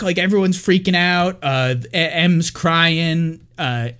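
A man's voice: on the high side, moderate pace, few pauses, a bit bright. A man co-hosting a podcast, recapping a film in a rambling, casual way, full of likes and uhs. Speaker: podcast co-host.

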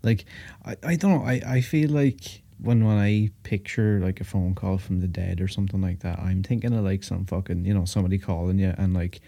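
A man co-hosting a podcast, chatting in a hesitant, relaxed way and swearing casually. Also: sits low, a little fast, vocal fry. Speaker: podcast co-host. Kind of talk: casual chat.

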